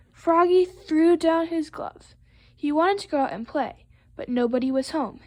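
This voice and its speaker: A woman reading a picture book aloud to children, expressive and playful with the sound words. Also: high voice, measured pace. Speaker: storytime reader.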